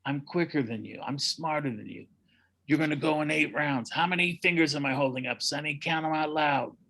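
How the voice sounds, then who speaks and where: A brash young boxer hurls boastful taunts in a raised, slightly hushed voice, as a man acts him out. The tone is bright and cutting, with quick jabs of mockery. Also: on the high side, vocal fry. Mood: taunting. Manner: boastful, rapid-fire taunts.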